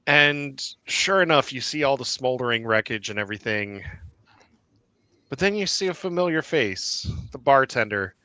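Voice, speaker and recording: Brief: male game master, animated and bright, close dry mic. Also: mid-range voice, normal speed, no room sound. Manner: animated, with laughs and fillers. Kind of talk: narrating a tabletop game.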